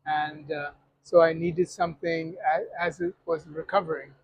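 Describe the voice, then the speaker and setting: A man's voice: a little high, flat delivery, normal speed, slightly rough, low-quality recording. A man being interviewed, speaking hesitantly with many fillers and restarts. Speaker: guest. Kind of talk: casual interview.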